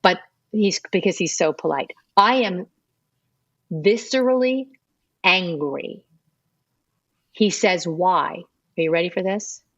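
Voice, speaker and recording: Woman, middle-aged, animated storyteller, dry close sound, slightly muffled. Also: on the low side, slow pace, pauses often, no echo. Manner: earnest, animated, acts out remembered dialogue. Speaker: guest telling her conversion story. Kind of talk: personal storytelling interview.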